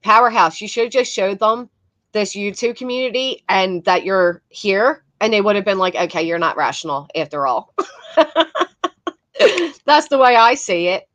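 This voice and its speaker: A woman's voice: medium pitch, moderate pace, fairly bright tone, no room sound. A woman hosting casual commentary on video clips, blunt and swearing, talking to her chat between clips. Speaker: commentary host.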